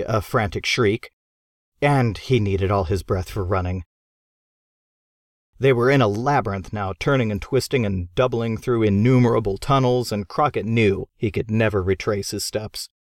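Man narrating an expressive audiobook. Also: lowish voice, normal speed, dry recording, studio quality. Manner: lively, expressive storytelling.

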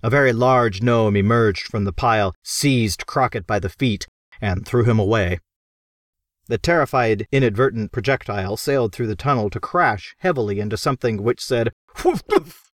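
A man narrating an audiobook in a lively, expressive storytelling manner. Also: lowish voice, normal speed, no echo, clean studio sound.

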